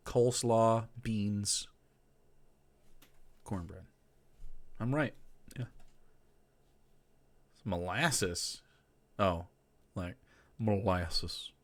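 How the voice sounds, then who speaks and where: A young man commenting sarcastically on clips during a casual stream, mocking what he hears. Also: lowish voice.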